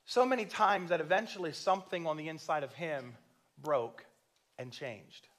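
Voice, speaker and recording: A man with a high, bright-pitched voice preaching a church sermon. He moves from quiet storytelling to loud, fervent calls and acts out prayers and scenes as he goes. Behind him is the sound of a church. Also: moderate pace. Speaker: pastor.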